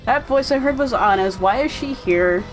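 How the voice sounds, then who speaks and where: A woman voicing an anxious, earnest young man who talks a lot to calm his nerves. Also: a little high, moderate pace, soft background music, close to an everyday voice, low-quality recording.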